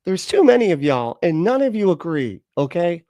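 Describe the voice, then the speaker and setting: A man's voice: high voice, big pitch swings, moderate pace, mellow, no room sound. Man, livestream reaction host, sarcastic and profane, rambling with fillers, dry close sound. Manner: sarcastic, profane, exasperated rants with many fillers. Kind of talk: casual reaction commentary.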